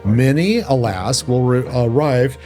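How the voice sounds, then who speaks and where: A man voicing a formal, earnest young male lord in a video game, speaking in measured, polite tones. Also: mid-range voice, animated, warm tone, faint music behind.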